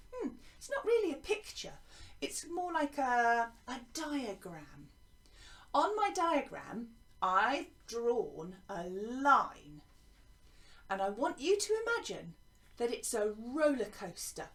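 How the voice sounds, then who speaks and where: English woman teacher, sing-song voice for small children, high and swooping, echoey room, a bit off-mic. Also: recorded from a distance. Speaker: primary school teacher. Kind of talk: online lesson for young children.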